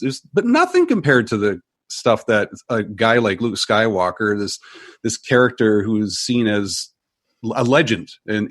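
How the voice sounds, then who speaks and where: A man on a podcast panel, giving emphatic, animated opinions in casual chat. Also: mid-range voice, dry recording, studio quality. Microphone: headphones with mic.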